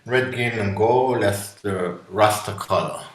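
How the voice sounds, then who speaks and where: A man from Jamaica with a Jamaican accent, a guest musician giving an animated, preachy inspirational talk. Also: fairly low pitch, takes it slowly, echoey room. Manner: preachy, animated, acts out voices.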